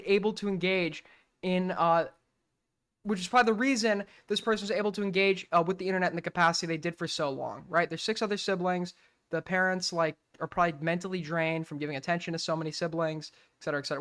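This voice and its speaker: Young man, reaction host, blunt and profane, with a bright, somewhat high voice. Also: steady tone, fast, smooth. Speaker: streamer host. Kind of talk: casual reaction commentary.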